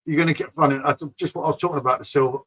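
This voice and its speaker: A middle-aged man talks loosely and chattily, drifting from topic to topic. His voice sits a little higher than most men's, and he keeps calling his listeners mate. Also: steady tone, racing, a bit bright, breathy edge, rough recording. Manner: rambling, chatty, calls viewers mate. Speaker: beer vlogger reading live chat. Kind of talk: casual live-stream chat.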